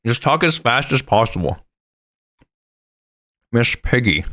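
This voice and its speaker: Slow and sing-song, a young man's mid-range, slightly bright voice carries his livestream of a story game. He reads the text aloud in a playful way, hopping between voices and chatting with his audience.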